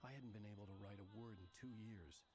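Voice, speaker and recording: A man's voice: on the low side, brisk, over music, natural voice. An actor playing a terse, moody male novelist narrating his own game story. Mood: weary. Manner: terse, moody inner monologue. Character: brooding blocked male novelist, curt and weary. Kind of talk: video game narration and dialogue.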